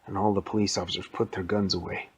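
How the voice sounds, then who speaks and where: A man's voice: sits low, little pitch movement, fast, husky. A man casually making up a playful superhero story as he tells it aloud. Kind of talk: improvised story told to a child.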